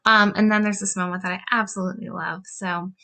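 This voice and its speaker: A woman teacher explains a novel in an easygoing, chatty way, reading passages out loud and leaning on fillers. Her voice sits at a middling pitch but sounds bright and forward, with a gravelly fry at the ends of phrases. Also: level tone, brisk. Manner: reads quotes from a novel aloud. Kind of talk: casual lesson walkthrough.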